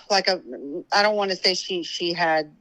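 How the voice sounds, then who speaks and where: Appearing as a guest on a show, a woman chats casually about politics in a bright, forceful voice that sits lowish, with fairly even intonation and a slightly slow pace. She sounds tired and rambles, breaking off and restarting sentences with many fillers as her words turn heated. The recording quality is low.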